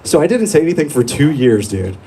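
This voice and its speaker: A man's voice: on the high side, big pitch swings, fairly quick, noisy background. A young man doing a crude, profane stand-up set in a small comedy club, telling stories in a laid-back way into a handheld mic.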